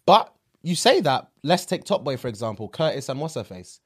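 Co-host, man in his 30s, husky, swings wildly in pitch, laughs a lot. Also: sing-song, brisk. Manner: laughs often, emphatic. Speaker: podcast co-host. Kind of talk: casual banter.

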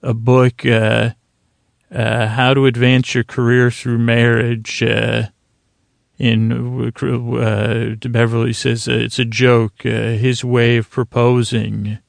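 A man's voice: medium pitch, monotone, gravelly, dry recording, clean studio sound. A man hosting a sleep podcast, recapping a TV episode in a meandering, hesitant way with lots of fillers and restarts. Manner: mild, drowsy, unhurried delivery. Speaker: podcast host.

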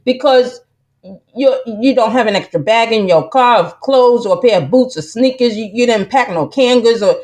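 A woman with a fairly high voice talks straight at her listeners as a podcast host. Her delivery is emphatic and preachy. She rambles through fillers and false starts and keeps breaking in with "listen". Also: normal speed, a little mellow. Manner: rambling with many fillers and restarts. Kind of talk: casual monologue podcast.

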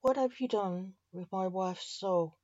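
A woman's voice: medium pitch, slow pace, a little mellow, no room sound. A woman reading as a grieving widower. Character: grieving widowed man, reaper king. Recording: dull lo-fi dry recording.

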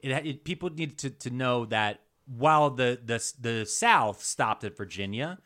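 Brief: male podcast host, animated storyteller, swooping delivery. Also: medium pitch, measured pace. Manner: animated, rambling, jokey. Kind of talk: casual history storytelling.

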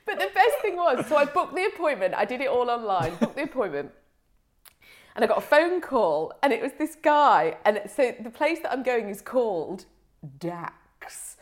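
Lively laughing woman telling a story. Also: on the high side, normal speed. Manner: animated storytelling, laughing often. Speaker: podcast co-host. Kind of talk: casual chat.

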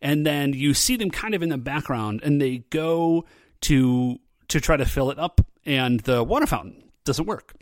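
Lively, rambling male podcast host. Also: fairly high pitch, normal speed, dry recording, studio quality. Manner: rambling, filler-heavy, laughs often. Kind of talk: casual episode recap.

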